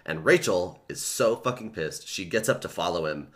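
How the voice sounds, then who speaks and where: Deep-voiced man recapping a book casually. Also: normal speed. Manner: relaxed storytelling, peppered with "like" and swearing. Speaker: podcast host.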